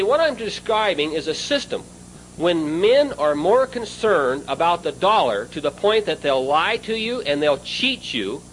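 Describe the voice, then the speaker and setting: Animated man telling a sermon story. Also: a little high, a little hiss or hum, rough recording. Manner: animated storyteller, addresses a listener mid-story.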